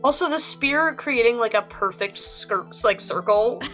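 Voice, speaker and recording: A woman's voice: fairly high pitch, lively intonation, measured pace, a bit bright. A woman streaming a game, chatting casually, swearing and reading the game's text aloud. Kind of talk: casual let's-play chat. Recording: faint game music behind.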